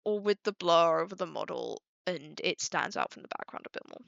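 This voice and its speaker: Here the streamer's voice is lowish, creaky, and fairly bright, animated and fairly quick as she vents to her viewers with plenty of swearing. The dull lo-fi mic keeps everything dry.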